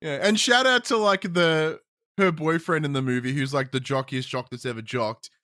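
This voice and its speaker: A man with an Australian accent, a podcast guest chatting casually, animated and blunt, with many stammered restarts and swearing. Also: a little high, normal speed, dry recording, studio quality.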